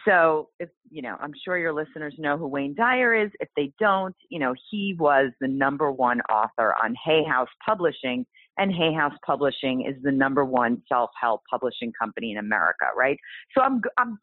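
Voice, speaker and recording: A low-pitched woman tells her story as an interview guest, her voice swooping up and down with animated, exclaiming energy. The sound is dry and tinny, like a phone line. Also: normal speed, no echo. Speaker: guest author.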